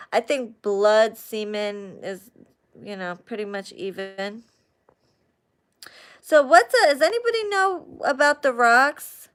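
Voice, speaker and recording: A woman hosting a casual live chat with viewers, ranting in an animated, heavily profane way. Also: a little high, clear, resonant tone. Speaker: live stream host chatting with viewers.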